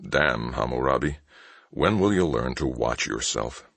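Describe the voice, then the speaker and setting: A man playing a sardonic spacefarer who threatens in an easy, conversational way, in a very deep voice. His lines rise and fall with lively inflection, recorded close and dry. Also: unhurried, gravelly, no room sound, full character voice. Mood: calm menace. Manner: conversational, dryly mocking threats. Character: cool, menacing male shipmaster, sardonic and unhurried. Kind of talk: audiobook character voice.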